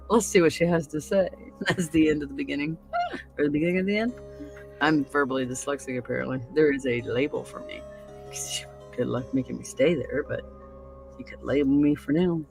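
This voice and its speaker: Show host, woman with a gravelly, low-pitched voice, crude and laughing, acting out lines, faint music underneath. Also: rough recording. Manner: crude, laughing storyteller who acts out other people's lines. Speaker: podcast host. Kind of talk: casual chat.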